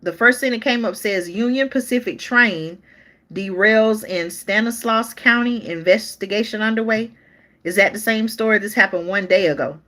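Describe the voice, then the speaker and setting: A woman's voice: mid-range voice, moderate pace, sharp tone. A woman hosting a live-stream news show, reading articles aloud in a chatty way and talking straight to her viewers, often stopping to restart or look things up.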